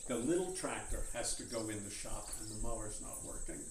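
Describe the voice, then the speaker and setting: A man's voice: lowish voice, sing-song, fairly quick. An older man with a nasal voice chatting in a blunt, crude, rambling way in a barn on a farm. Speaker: farm owner chatting on stream. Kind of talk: casual chat. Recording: echoey barn, picked up from far off, with noise.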